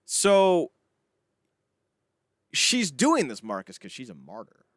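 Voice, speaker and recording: A man co-hosting a casual wrestling podcast, ranting in an animated, sarcastic way with frequent swearing. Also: fairly high pitch, slow, long pauses, dry recording, clean studio sound. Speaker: podcast co-host.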